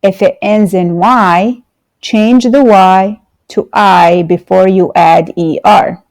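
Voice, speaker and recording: Slow, patient woman teaching grammar. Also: mid-range voice, steady tone, a little mellow, no room sound. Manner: patient, explains slowly with fillers and repetition. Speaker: English teacher. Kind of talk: online grammar lesson.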